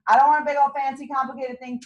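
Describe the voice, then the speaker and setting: A woman's voice: sits high, little pitch movement, rapid-fire, muffled recording. A woman leading a sales meeting, giving a bubbly motivational talk to a small group and laughing often. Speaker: team leader running a sales meeting.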